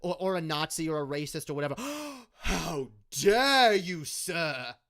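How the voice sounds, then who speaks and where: Man mocking a defensive adult male right-winger, mock-outraged, sputtering, high voice, dry. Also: animated, measured pace, a bit bright, dry recording. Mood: mock indignant.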